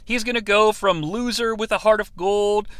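A man hosting a podcast, giving a jokey, profane, animated movie review. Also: high voice, moderate pace, smooth, no echo. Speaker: podcast host.

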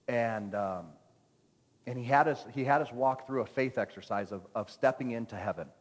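Speaking at normal speed in a medium pitch, this man delivers a lively, story-filled sermon to his church. As pastor, he trades jokes with the congregation, his voice echoing with the sanctuary's long reverb.

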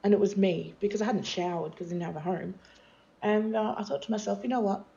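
A woman's voice: medium pitch, fairly even intonation, a little fast, gravelly, warm tone, muffled recording. A middle-aged woman, telling her life story candidly as an interview guest, with many fillers and restarts.

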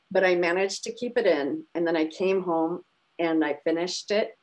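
A woman podcast co-host talks in a casual, chatty way, and her voice sits on the lower side. She retells scenes with open emotion and lively energy. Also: moderate pace, poor audio. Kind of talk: casual chat.

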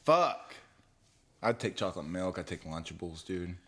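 Young male co-host, lively swinging pitch, crude laughing banter. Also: moderate pace. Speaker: podcast co-host. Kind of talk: casual chat.

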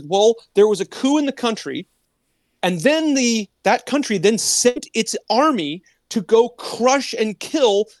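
A man's voice: high-pitched, no echo. A man hosting a political commentary show, retelling events in a rambling, casual way, with many restarts and quoted asides.

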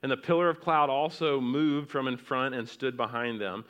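A man preaching a sermon, reading scripture aloud and asking the congregation questions, swinging from loud rising exhortation to hushed near-whispers. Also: mid-range voice, steady tone, normal speed, clear, resonant tone, highs cut off. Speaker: pastor.

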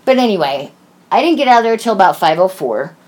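A woman's voice: medium pitch, big pitch swings, fast talker, darkish tone. A woman casually telling a story, blunt and profane, with sarcastic asides.

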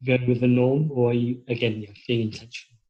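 A man's voice: mid-range voice, steady tone, quick pace, lo-fi sound. A man on a panel, searching for words and repeating himself. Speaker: panel guest. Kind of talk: casual discussion.

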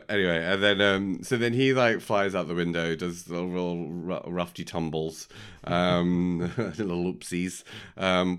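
A man's voice: deep voice, steady tone, a little slow, fairly bright tone, clean tone. A man, chatting casually as a podcast co-host, rambling and jokey with lots of fillers. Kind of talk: casual chat recapping a film.

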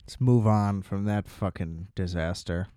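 This podcast host delivers a solo rant that's casual, fed-up and profane. His deep, clear, resonant voice has a dark tone and moves a little slowly, recorded in a clean studio with no echo.

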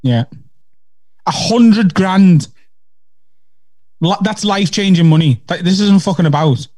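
A man's voice: high voice, a little slow, warm tone, dry recording. A man co-hosting a podcast in laid-back, wry casual chat. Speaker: podcast co-host.

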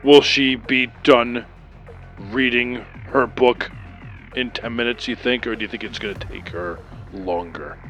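A man putting on a crisp, curt male contact. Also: medium pitch, fairly even intonation, a little slow, fairly bright tone, lo-fi sound, soft background music. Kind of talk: in-character phone dialogue in a tabletop game.

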